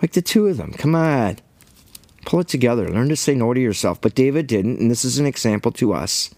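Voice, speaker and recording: A man giving an informal bible-study sermon in a casual, animated way, acting out quoted dialogue. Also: medium pitch, fairly quick, dry recording. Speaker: bible teacher.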